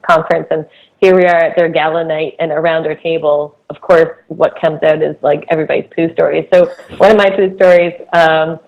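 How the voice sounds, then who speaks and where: A woman's voice: deep voice, level tone, brisk, a little mellow, lo-fi sound. A woman co-hosting a podcast, telling camp stories in casual chat and laughing as she talks. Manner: giggly storyteller who laughs mid-sentence. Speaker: podcast co-host, camp director.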